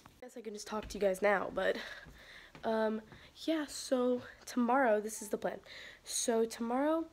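A woman's voice: fairly high pitch, normal speed. A young woman vlogging casually into a phone camera, rambling and chatty with lots of fillers. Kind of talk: casual vlog chat. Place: outdoors on a porch at night.

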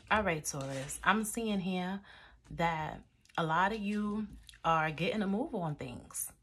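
A woman's voice: sits low, a little hiss or hum. A young woman doing a casual tarot reading, chatty and laughing, swearing now and then, recorded on a phone camera in a dim room. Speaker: tarot reader.

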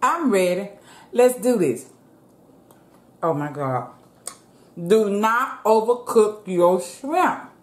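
A woman hosting a casual eating show from her home, chatting to viewers in a relaxed way and calling them "y'all". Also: mid-range voice, slow, pauses often. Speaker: mukbang vlogger. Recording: roomy echo.

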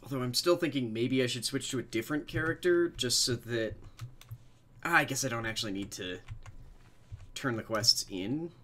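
This young adult man streams a game live, his mid-range, slightly bright voice moving at a normal pace. He chats casually with viewers, rambling, poking fun at himself and swearing freely.

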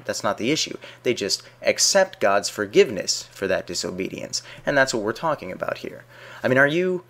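A man's voice: on the low side, a bit bright. A man delivering an argumentative video response, full of sarcastic rhetorical questions. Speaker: video essayist.

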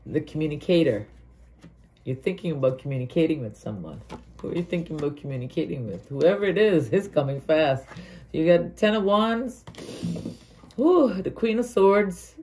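Low-voiced Guyanese woman reading tarot. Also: expressive, normal speed, a little mellow, slight background noise. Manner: earnest, heartfelt, thinks aloud with restarts. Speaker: tarot reader.

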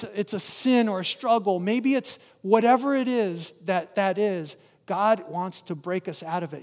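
A man preaching with a high, bright voice that carries through a reverberant church hall. He keeps turning to the congregation with questions and calls for their answers, then reads scripture aloud. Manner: engaging, asks the congregation questions. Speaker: guest pastor. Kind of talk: sermon. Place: church sanctuary.

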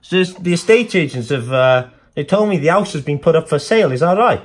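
A man's voice: fairly high pitch, lively intonation, fairly quick, husky. A man putting on a Cardiff Welsh accent to play a stressed middle-aged male landlord on a prank phone call. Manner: flustered, repeats himself, keeps saying mate.

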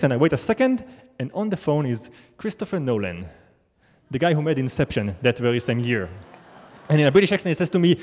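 A man's voice: medium pitch, big pitch swings, brisk, a little mellow. A man telling a true story on stage in a wry, self-deprecating, conversational way. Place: large theater stage. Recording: long theater hall reverb.

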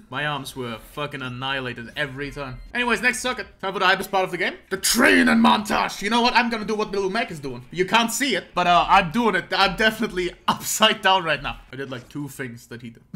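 A young man giving casual let's-play commentary, excitable and self-mocking, swearing often and breaking into laughter. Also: sits high, brisk. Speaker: gaming commentator.

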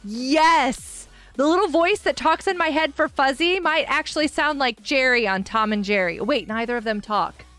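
Giggly high-voiced woman streamer. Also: normal speed, few pauses, a bit bright. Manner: giggly, chatty, reading chat aloud. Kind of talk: live game stream chat.

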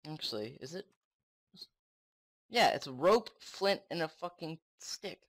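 A young man commenting on his own game play, excitable and swearing often, talking to the game. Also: a little high, takes it slowly, long pauses. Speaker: gamer.

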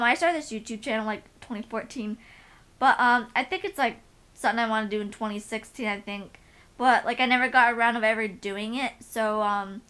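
A woman's voice: fairly high pitch, fairly bright tone, clean tone. A young woman vlogging casually, rambling with lots of "like" and "um". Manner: rambling, many "like" and "um" fillers; gushing baby talk to pets. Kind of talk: casual vlog chat.

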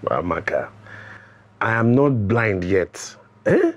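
A man's voice: lowish voice, big pitch swings, slow, lo-fi sound, heavily acted. An actor playing a stubborn older Nigerian father who scolds his daughter about her marriage. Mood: scolding. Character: stubborn aging village father. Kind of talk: Nollywood film acting.

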